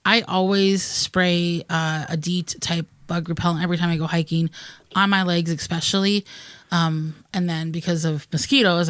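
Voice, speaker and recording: A woman from Wisconsin with an Upper Midwest accent, co-hosting a gardening radio show and explaining in a lively, casual way. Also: lowish voice, no echo. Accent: Upper Midwest American. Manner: explanatory, lively, trails off to softer ends.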